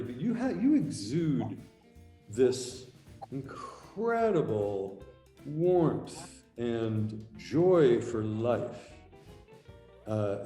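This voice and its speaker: A man from the USA speaks as a guest on a video call in a mellow, warm tone, earnest and halting with frequent restarts. The sound is roomy, with faint music behind him. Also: mid-range voice. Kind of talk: casual interview chat.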